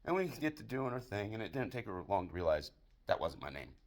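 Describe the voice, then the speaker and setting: A man's voice: fairly low pitch, brisk. Een Amerikaanse man vertelt grove, schunnige moppen in een komisch verhaal vol gevloek, met een droge, nuchtere toon. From United States. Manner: profane, deadpan delivery of dirty jokes. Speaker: barroom joke teller. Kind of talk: crude comedic storytelling monologue.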